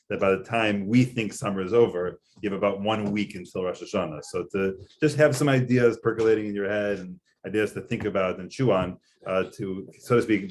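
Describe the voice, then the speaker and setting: Fast-talking man teaching a class. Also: lowish voice, slight background noise. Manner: quick, earnest explaining with frequent fillers. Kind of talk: conversational Torah lecture.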